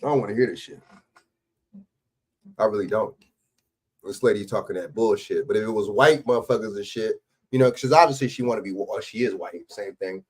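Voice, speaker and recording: A man's voice: on the low side, brisk, long pauses, darkish tone, husky. A man hosting a livestream, reacting to clips with casual, profane, heated ranting and lots of fillers and restarts. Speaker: livestream host.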